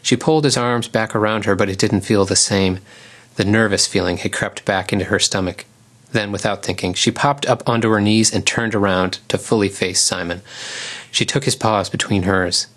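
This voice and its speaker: Low-voiced male audiobook narrator. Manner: calm, measured storytelling.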